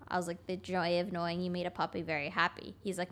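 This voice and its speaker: A woman's voice: mid-range voice, brisk, few pauses. A young woman guest on a podcast, a construction taper, talking bluntly and casually and acting out both sides of conversations as she tells stories. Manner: blunt, animated storyteller acting out dialogue.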